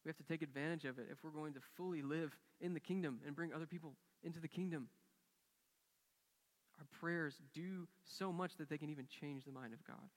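A man's voice: on the high side, fairly quick, big-room sound. A man preaching a sermon as a pastor, telling a story earnestly and acting out the quoted dialogue with rising and falling intensity. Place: church sanctuary.

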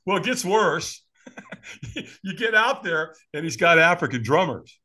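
A U.S. firewalk instructor guesting on a podcast tells a story with animation at a measured pace, his voice a little high, acting out other people's voices and chuckling often.

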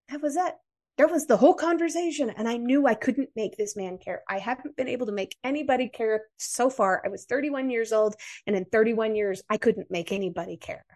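A woman with an American accent, a podcast guest, telling a personal story in an interview in an earnest, measured way. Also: sits high.

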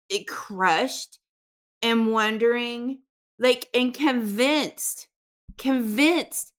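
A woman co-hosting a casual podcast chat, emotional and animated, laughing often. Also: on the high side. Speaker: podcast co-host.

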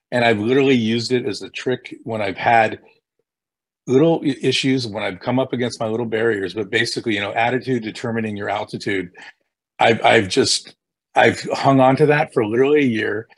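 Audience guy talking kinda haltingly, husky voice, middle pitch. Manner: halting, repeats words. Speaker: audience member. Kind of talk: sharing thanks at an event.

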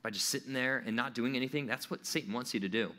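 A man's voice: mid-range voice, fast talker, bright, forceful tone, big-room sound. A man preaching a conversational sermon who often checks in with his listeners with questions. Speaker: pastor.

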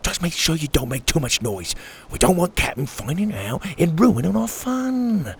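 A man doing a gruff, blustery pirate goon. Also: fairly high pitch, big pitch swings, normal speed, a little hiss or hum, voice pushed up. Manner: gruff and impatient.

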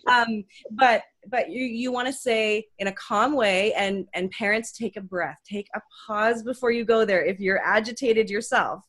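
A woman's voice: medium pitch, moderate pace, few pauses, fairly bright tone. A woman hosting a parenting podcast, chatting casually and asking follow-up questions to check she understands. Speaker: podcast host. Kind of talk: podcast interview.

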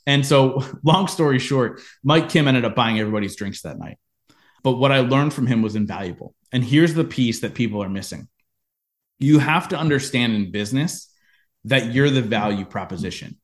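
A man in a podcast interview, telling a personal business story with lively acted-out quotes. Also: mid-range voice, normal speed. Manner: animated storyteller, acts out quoted lines. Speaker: podcast guest, entrepreneur.

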